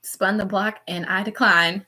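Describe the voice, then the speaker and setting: A woman's voice: steady tone, a little slow, background noise. A young woman doing a casual, profane tarot reading live stream, laughing often and talking to her chat. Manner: jumps between topics with sudden high-pitched bursts.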